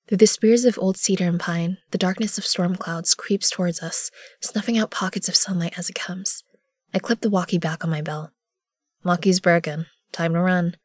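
Woman narrating in a low hush. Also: no room sound, studio quality. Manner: measured, often hushed narration. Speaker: narrator and lead character. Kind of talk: first-person audio drama narration.

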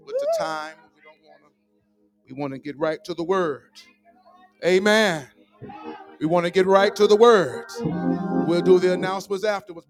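A middle-aged man, a pastor leading a church service, calling out to the congregation and praying with rising fervor. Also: high-pitched. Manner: call-and-response preaching, rising fervor. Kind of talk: sermon and prayer. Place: church sanctuary.

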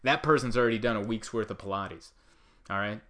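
A man's voice: on the low side, fairly quick. Rambling comic man riffing. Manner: rambling, animated, riffing with asides. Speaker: comedian. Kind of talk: comedic monologue.

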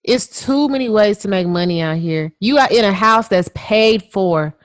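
A woman's voice: mid-range voice, animated, moderate pace, no room sound. A woman co-host venting in blunt, exasperated terms, with swearing all through her talk. Her voice sits in a middle range. The sound is dry and close. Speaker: podcast co-host. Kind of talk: casual gossip chat.

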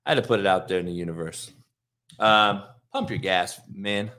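A middle-aged man hosting his show, telling a profane, animated story in a casual monologue. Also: sits low, moderate pace. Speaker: host.

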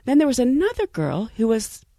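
A woman tells a personal story with a wry, animated delivery. Her pitch rises and falls expressively. The recording is dry and close. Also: fairly quick, dry recording. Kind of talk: recounting a personal story in an interview.

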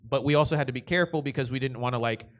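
A man's voice: medium pitch, rapid-fire. A young man, a voice director, answering a convention panel question in a casual, rambling way with frequent restarts.

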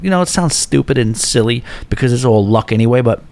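A man hosting a podcast, telling a long personal story casually with animated asides and quick restarts. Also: mid-range voice, no room sound. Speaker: podcast host.

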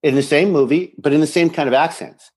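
A man's voice: on the high side, brisk. A middle-aged man co-hosting a casual rewatch podcast, retelling scenes and acting out their lines. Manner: animated, acts out lines from scenes. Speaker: podcast co-host.

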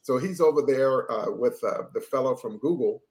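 A man hosts a casual interview, speaking at a medium pitch. He keeps his guest going with short affirmations and brief stories. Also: normal speed, darkish tone. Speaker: podcast host.

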